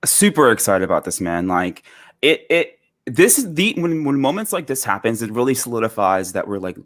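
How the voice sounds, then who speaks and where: A man's voice: medium pitch, big pitch swings, moderate pace, fairly bright tone. Eager man co-hosting a science chat. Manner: enthusiastic, repeats himself, searches for words. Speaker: podcast co-host. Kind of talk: casual enthusiastic chat.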